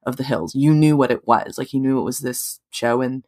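A woman's voice: a bass voice, a little fast, darkish tone. Chatty woman podcaster. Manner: rambling, many "like"s, swears casually. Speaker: podcast co-host. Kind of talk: casual chat.

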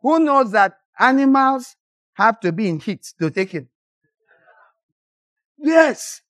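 A preacher giving a passionate, scolding sermon, rising now and then into sudden shouted bursts. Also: mid-range voice, expressive, measured pace, pauses often, no echo.

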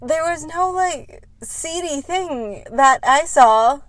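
A woman's voice: high-pitched, animated. A woman in casual chat about a book, blunt and swearing freely. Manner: blunt, swears, quick asides.

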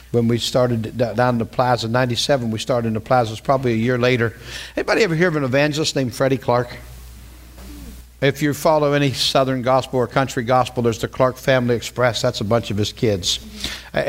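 A middle-aged man preaching as a pastor, telling a story in a conversational, animated way and repeating phrases for emphasis. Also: medium pitch. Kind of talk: storytelling sermon.

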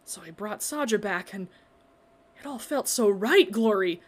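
A woman voicing a dreamy young man in a storybook reading, earnest and rambling in a halting way. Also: mid-range voice, expressive. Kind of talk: storybook character voice.

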